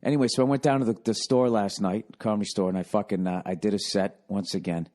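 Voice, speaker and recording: A man's voice: on the low side, quick pace, faint music behind. Profane, rambling male podcast host. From United States. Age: 40s. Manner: profane, rambling, animated storytelling. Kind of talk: casual comedic monologue.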